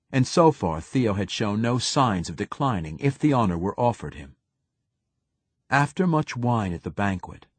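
A man reading a novel aloud as an audiobook narrator, in a measured, even storytelling manner. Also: lowish voice, breathy edge, no room sound. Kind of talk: scripted narration.

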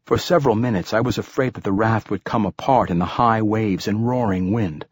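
Casting: calm male audiobook narrator, husky low voice, dry close sound. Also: no echo. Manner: calm, measured storytelling.

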